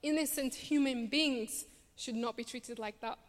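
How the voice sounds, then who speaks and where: On a theatre stage at a charity show, a Somali-born refugee campaigner in her twenties recounts her life story in a Scottish accent, earnest yet dryly funny. She speaks a little slowly, in a slightly high voice, against the long reverb of the theatre hall.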